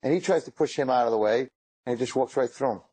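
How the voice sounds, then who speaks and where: A man casually telling stories aloud in an animated way, often restarting his sentences. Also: medium pitch, fast, breathy edge, rough recording. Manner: animated, with frequent restarts and Hebrew words. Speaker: storyteller. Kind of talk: casual spoken storytelling.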